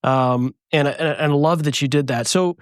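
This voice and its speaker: A man's voice: on the high side, moderate pace, clear, resonant tone, no room sound, clean studio sound. A man hosting a business podcast, asking long, rambling questions full of fillers. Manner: rambling, hesitant, many fillers. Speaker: podcast host. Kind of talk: casual interview chat.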